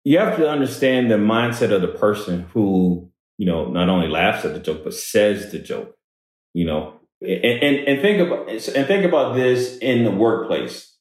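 A man telling a personal story in conversation, halting and repeating words as he goes. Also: lowish voice, lively intonation. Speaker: guest speaker on workplace diversity. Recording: very echoey room.

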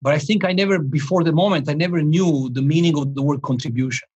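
A man in his forties, a life coach, telling a story in a podcast interview, animated and rambling, with frequent restarts and chuckles. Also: fairly high pitch, fast, slightly rough, dull audio.

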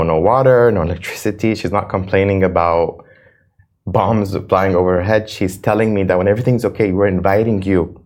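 A young man from the United States speaks in a very low voice. He answers interview questions earnestly and with emotion, often stumbling over and repeating words. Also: darkish tone. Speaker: reality show cast member, guest.

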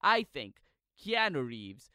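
High, bright-voiced male podcast co-host. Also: very animated, slow pace, clear, resonant tone, no room sound, clean studio sound. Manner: mock-serious, emphatic, punctuates with "okay?". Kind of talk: casual comedic debate.

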